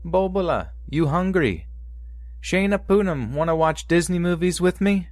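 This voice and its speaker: A doting, pushy elderly Jewish grandmother, as a male narrator puts her on, nagging in a Yiddish-inflected accent. The voice leaps far above his own into a thin, high, strained register. She fusses insistently over whether anyone has eaten. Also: lively intonation, normal speed, darkish tone, no echo. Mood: affectionate.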